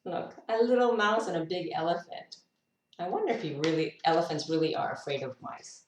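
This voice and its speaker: Fairly low in pitch and a bit fast, the teacher reads a picture book to children with lively intonation over slight background noise. She improvises animal noises, laughing and adding musing asides, her voice distant and echoing in the room.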